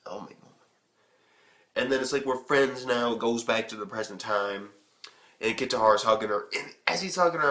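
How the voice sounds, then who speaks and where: A young man reviewing an anime episode on his own channel, talking in an excitable, rambling way and swearing often. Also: mid-range voice, echoey room. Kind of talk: casual video review.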